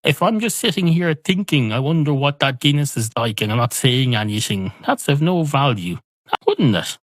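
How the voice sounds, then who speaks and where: A man's voice: mid-range voice, animated, normal speed, no room sound, voice pushed up, natural voice. Irishman doing a rambling pub barman. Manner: rambling, pedantic, chatty.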